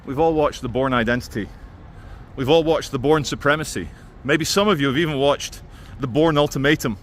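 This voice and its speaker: A man's voice: medium pitch, fairly quick, slight background noise. A man, narrating a walking street vlog in a wry, sardonic tone. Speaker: street vlogger. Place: outdoors on city streets.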